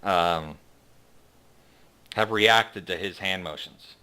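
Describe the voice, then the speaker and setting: A man narrating a tabletop game as game master, halting with many fillers. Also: low voice, bright, forceful tone, smooth.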